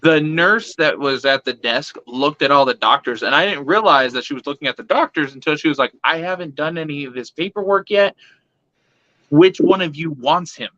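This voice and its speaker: Man, fairly high voice, rambling profane comic storyteller acting out others' lines, dry lo-fi recording. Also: normal speed, pushed and bright, no room sound. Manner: rambling, swearing, with many fillers; acts out the other people's lines. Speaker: storyteller at an open mic.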